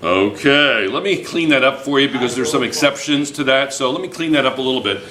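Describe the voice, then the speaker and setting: A man's voice: medium pitch, expressive, fairly quick, far from the mic, crowd noise. A male chemistry teacher lecturing a class, repeating questions and calling on students by name. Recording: echoey classroom.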